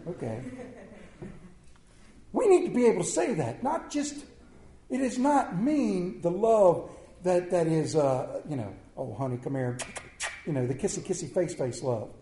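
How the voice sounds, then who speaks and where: A male pastor preaching a Sunday sermon, animated and joking with the congregation, swinging between loud emphasis and quiet asides. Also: high-pitched, a little slow, a little hiss or hum. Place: church sanctuary. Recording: echoey church room.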